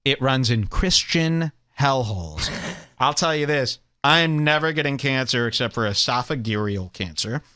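Man, podcast host, sarcastic rant, lively pitch, bright tone. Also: a little slow, clear, resonant tone. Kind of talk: provocative comedic rant.

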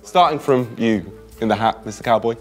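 A man co-hosting a casual group game, reacting excitably and laughing often. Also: medium pitch, brisk, soft background music. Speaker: co-host.

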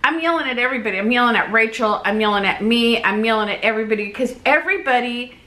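A woman vlogger chatting casually to her camera, animated and talkative, often laughing. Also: a little high, quick pace. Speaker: weight-loss vlogger.

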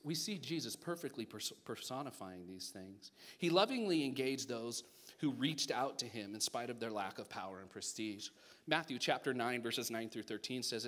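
A male pastor preaching a sermon, acting out voices in his stories, swinging between loud bursts and hushed asides, with jokey remarks. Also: medium pitch, moderate pace. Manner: animated storytelling, acts out voices, jokey asides.

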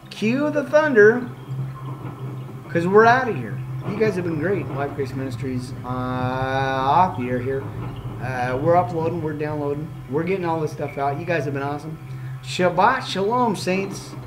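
A man, a minister hosting a live podcast, signing off with excitable, playful talk, frequent amens and asides to himself. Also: fairly high pitch, moderate pace, background noise. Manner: preacherly amens and exhortations.

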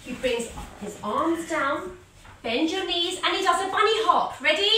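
A woman guides a children's yoga story in an animated, sing-song voice full of encouragement. Her voice is bright and clear. It rings in a very echoey room, picked up from some distance off the mic. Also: very high-pitched, moderate pace, a little hiss or hum. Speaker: kids yoga teacher.

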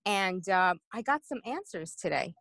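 A woman speaks haltingly on a group video call and stumbles over her words. The sound is close and dry, with no room around it. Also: mid-range voice, big pitch swings, a bit bright, dry recording. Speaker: participant sharing. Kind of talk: casual share in a group call.

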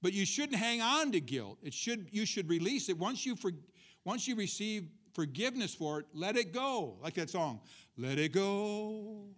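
A man preaching a Sunday sermon in a relaxed, conversational way, with a voice that sits noticeably high for a man. He keeps checking in with the congregation with quick questions and drops light joking asides between his points. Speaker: pastor. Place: church service.

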